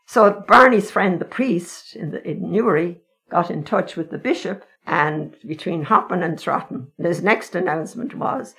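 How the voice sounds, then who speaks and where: A woman's voice: on the low side, a little slow, vocal fry, few pauses, fairly bright tone. An older Irish woman telling stories of her family's past in a frank, wry, conversational way. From Ireland. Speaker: interviewee. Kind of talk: reminiscing storytelling.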